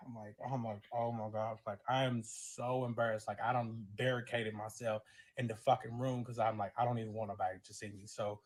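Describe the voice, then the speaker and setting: A man's voice: medium pitch, a little mellow. A man with a Southern US accent telling a painful personal story in dramatic fashion, acting out the people in it and crying as he goes. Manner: dramatic retelling with quoted voices, grows tearful.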